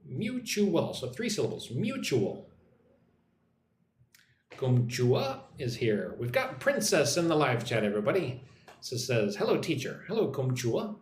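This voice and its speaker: Lively male English teacher, echoey room. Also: mid-range voice, slight background noise. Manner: models pronunciation slowly, reads chat comments aloud. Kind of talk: live-streamed English lesson.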